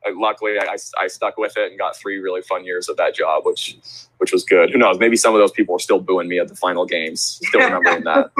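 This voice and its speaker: A young man chats as an interview guest, spinning stories with plenty of restarts and fillers. His voice sits on the low side, and he jumps up sharply to play the voices of people he quotes. The sound is dry and close. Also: fast, gravelly, dry recording, rough recording. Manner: animated, acts out quoted voices with big pitch jumps. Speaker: interview guest, sports event host. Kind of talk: casual storytelling chat.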